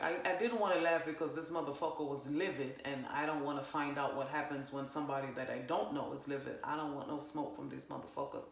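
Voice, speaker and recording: A woman giving a casual spiritual monologue, swearing freely and talking with emphatic, animated energy. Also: low-pitched, fast, few pauses. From parents from Jamaica. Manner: profane, animated, emphatic, fillers. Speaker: spiritual channeler vlogger. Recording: roomy echo.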